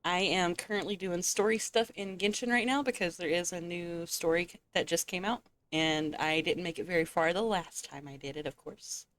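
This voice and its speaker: A woman's voice: fairly low pitch, normal speed, few pauses, fairly bright tone. A woman streamer chatting casually and playfully, teasing her chat and laughing often. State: eating with a full mouth. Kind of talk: casual gaming livestream chat.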